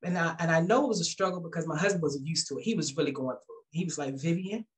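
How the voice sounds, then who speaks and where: A woman telling her church testimony in a casual, animated way, acting out quoted voices. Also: rapid-fire. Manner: animated, acts out quoted voices with big pitch jumps; casual speech with frequent restarts. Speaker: guest giving a church testimony. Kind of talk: personal testimony, conversational storytelling.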